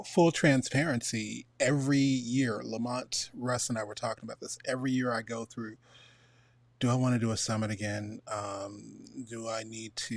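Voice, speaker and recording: A man's voice: medium pitch, no room sound. A man hosting an online animation summit, talking candidly and loosely with many fillers. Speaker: host. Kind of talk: casual chat.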